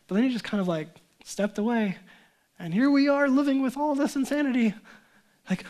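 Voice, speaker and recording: A man's voice: very high voice, moderate pace. A young adult male pastor giving a sermon, talking in an earnest, conversational way, acting out quoted voices and building up to emphatic passages.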